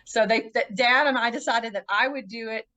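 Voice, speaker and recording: A woman's voice: sharp tone, low-quality recording. A woman podcast guest telling a personal story in a casual, earnest way. She often stops and restarts her sentences. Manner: earnest, halting, with frequent restarts; acts out quoted voices with pitch jumps.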